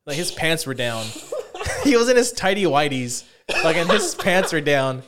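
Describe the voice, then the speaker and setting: Over a noisy crowd, a man with a fairly high voice speaks at a moderate pace. He's a podcast co-host in his twenties casually telling a story, swearing a lot and animatedly acting out quotes.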